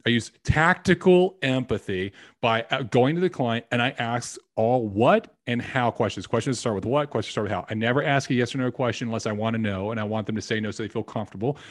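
A man in his thirties talks in a loose, casual podcast style as a guest. His pitch sits in a middling range. He swears easily and walks through his sales method one step at a time. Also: a little fast, few pauses, dry recording, clean studio sound. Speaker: guest, insurance agent.

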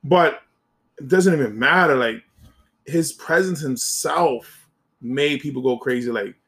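A man co-hosting a casual podcast chat, excitable and often shouting. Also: mid-range voice, a little slow. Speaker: podcast co-host.

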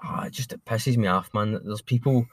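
A Scottish man with a lowish voice rants through casual football chat, swearing at every turn and sounding fed up. The recording is dry and close, with no room sound around him. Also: normal speed, no echo. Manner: swears constantly, ranting and exasperated. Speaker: podcast co-host.

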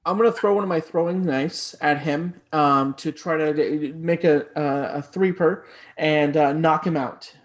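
A man's voice: fairly high pitch, a little slow. A man playing a tabletop game, describing his moves casually and hesitantly. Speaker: player.

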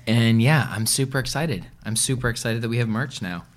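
Upbeat man hosting a podcast. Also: mid-range voice. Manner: upbeat, playful, quick bursts of excitement. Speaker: podcast host. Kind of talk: casual chat.

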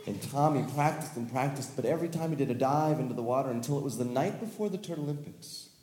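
A man telling a children's story live, playful and animated, with sound effects and laughter. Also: mid-range voice, quick pace. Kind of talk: live storytelling to a family audience. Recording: echoey hall with long reverb.

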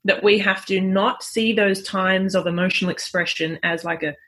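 A woman talks as a parenting coach in a casual interview. Her pitch sits in an ordinary middle range, and she speaks in a loose, chatty way. She laughs easily between points. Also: fairly even intonation, moderate pace, pushed and bright. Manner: chatty, laughs often, acts out parents' voices. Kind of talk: conversational interview.

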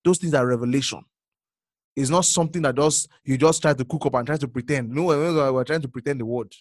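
A male preacher giving a sermon, repeating phrases and swinging from hushed murmurs to sudden loud exclamations. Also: mid-range voice, fairly quick, dry recording, studio quality.

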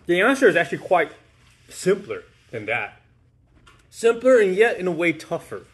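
A pastor delivers a relaxed, informal sermon at normal speed, his voice sitting slightly higher than most men's. He speaks conversationally, addressing the congregation like friends, with easy fillers and frequent little "right?" checks.

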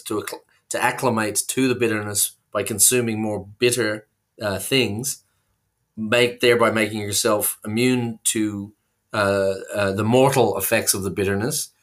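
A man in a loose, jokey conversation, wandering from one silly idea to the next with plenty of "uh"s and restarts. He talks at an ordinary middle pitch, and his voice comes through a remote call line. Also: fairly bright tone. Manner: rambling, playful, absurd tangents with frequent fillers. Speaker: co-host. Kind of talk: casual comedic chat.

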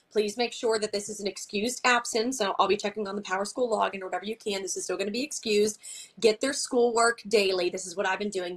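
A woman's voice: fairly low pitch, a bit bright. Give me a woman guest chatting in an interview, talkative and full of "like". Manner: chatty, peppered with "like", acts out quoted exchanges. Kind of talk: casual chat.

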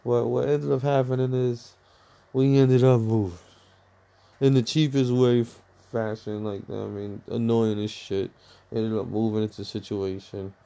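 Guy venting about his old living situation, kinda raspy and low-toned, swears a lot, lots of um and like. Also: a little slow. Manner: profane, animated, rambling with fillers. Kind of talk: casual storytime rant.

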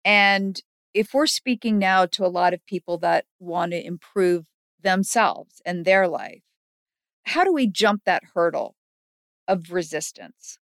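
A woman's voice: fairly low pitch, unhurried, fairly bright tone, no echo, clean studio sound. A woman host in a conversational interview, asking her guest thoughtful questions. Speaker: podcast host.

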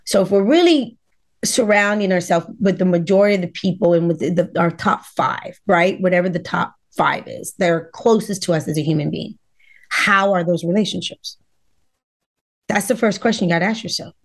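A woman's voice: fairly low pitch, normal speed. A middle-aged woman from Los Angeles of Cuban background, a dating coach talking as a podcast guest, emphatic and repeating words as she acts out what people said. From Los Angeles, Cuban family. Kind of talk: podcast interview.

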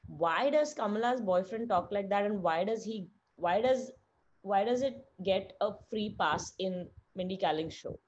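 A woman's voice: mid-range voice, measured pace, darkish tone, a little hiss or hum. A woman in a casual podcast chat, giving blunt, heated opinions full of likes and restarts. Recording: slightly dull lo-fi sound.

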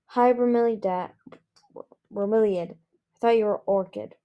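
A woman's voice: medium pitch, fairly even intonation, a little slow, muffled recording, natural voice. A woman voicing a small, stubborn female jungle dragon who sounds gloomy and snappish. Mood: glum.

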